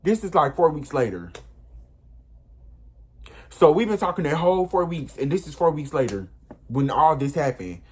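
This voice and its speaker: A man's voice: fairly high pitch, big pitch swings, moderate pace, long pauses, breathy edge. A young man in a casual storytime vlog, retelling events in an emotional, rambling way. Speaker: vlogger.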